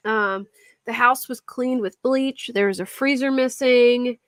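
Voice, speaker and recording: A woman's voice: a little high, measured pace, dry recording. A young woman hosting a casual true-crime live stream, chatting and answering viewers at her desk mic. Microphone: desk mic at a computer.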